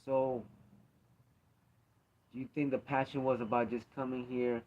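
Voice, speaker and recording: A man's voice: medium pitch, level tone, measured pace, pauses often. A man in a casual faith talk, speaking earnestly and emphatically, repeating himself to drive points home. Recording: dull lo-fi recording.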